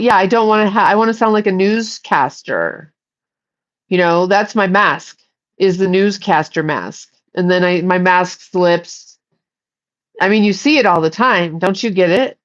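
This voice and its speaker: A woman's voice: mid-range voice, unhurried, lo-fi sound. A middle-aged woman chatting casually on a livestream, joking playfully and talking back to her viewers. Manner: playful, jokey, talks to chat. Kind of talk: casual rambling livestream chat.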